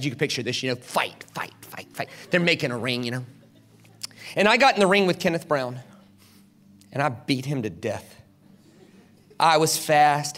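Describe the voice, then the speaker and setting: A man from South Carolina, a guest preacher telling stories in an animated, dramatic sermon at a church service. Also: fairly high pitch. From South Carolina, USA. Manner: animated, dramatic, acts out quotes. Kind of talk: storytelling sermon. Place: church service, large hall.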